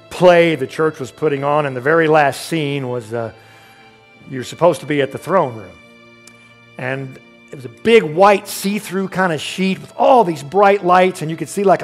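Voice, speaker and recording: Man preaching a sermon, fairly high voice, emphatic swings to near-hushed asides, faint music behind. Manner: emphatic preaching with sudden drops to quiet, joking asides. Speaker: pastor.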